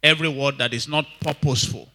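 A man preaching, his voice very bright and cutting. He drives points home by repeating lines and asking the congregation to answer back. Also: mid-range voice, fairly even intonation, quick pace. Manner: emphatic, repeats lines, asks the congregation for responses. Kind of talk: sermon.

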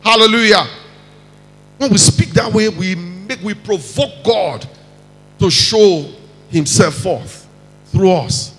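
A man with a Nigerian accent preaching a lively sermon, acting out quotes and mixing in pidgin. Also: sits high, slow, pauses often, breathy edge, big-room sound, soft background music, low-quality recording. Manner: animated, mixes in pidgin, acts out quotes.

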